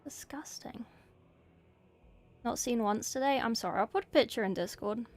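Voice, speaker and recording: A woman's voice: fairly high pitch, quick pace. A woman with a slight New Zealand tinge, chatting casually with stream viewers while painting miniatures, joking and self-mocking. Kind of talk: casual live-stream chat answering viewers. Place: dark room at home at night.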